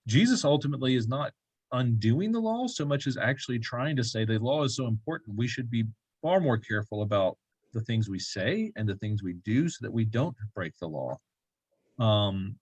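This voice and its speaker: A man's voice: mid-range voice, slightly rough, no echo, rough recording. A man leading a church Bible class, chatting loosely with asides, laughs and "right?" checks after reading a passage. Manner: reads scripture aloud slowly, then talks loosely with many asides. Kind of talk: casual Bible study teaching.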